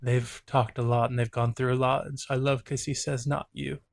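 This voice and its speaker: Earnest man reflecting in an even tone. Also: medium pitch, a little fast, no room sound. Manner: earnest, reflective, openly emotional. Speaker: therapist and show host. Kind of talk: reaction commentary.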